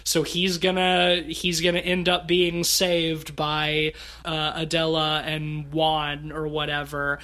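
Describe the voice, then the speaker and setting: A man with a high, bright, forward voice, chatting casually about a film. He is dry and matter-of-fact, with a skeptical edge. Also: monotone, slow pace, few pauses. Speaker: podcast co-host.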